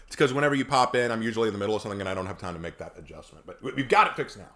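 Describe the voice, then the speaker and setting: A man's voice: lowish voice, animated, very fast, fairly bright tone. A young man casually chatting with his live-stream audience, joking around and answering chat. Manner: chatty, jokey, reads chat aloud.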